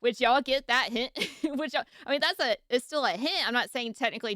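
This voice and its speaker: A woman's voice: fairly high pitch, brisk, pushed and bright, dry recording, clean studio sound. A woman streaming a casual reaction, chatty and rambling, with frequent giggles and restarts.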